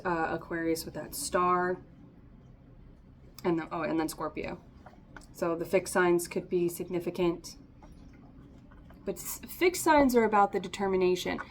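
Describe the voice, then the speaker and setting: A woman's voice: on the low side, a little hiss or hum. A woman giving a casual, chatty tarot reading to camera, encouraging and often laughing. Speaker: tarot reader.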